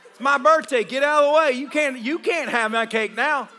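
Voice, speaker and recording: A male pastor preaching a charismatic sermon at a live church service, shouting and joking with the congregation. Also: extremely high pitch, moderate pace. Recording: live church recording with crowd and noise.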